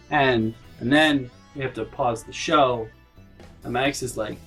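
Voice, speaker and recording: A man telling a personal story in an animated, profane storytime rant, talking to his camera in his bedroom and shouting at the peaks. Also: on the high side, moderate pace, soft background music. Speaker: storytime vlogger. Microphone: handheld camera in his room.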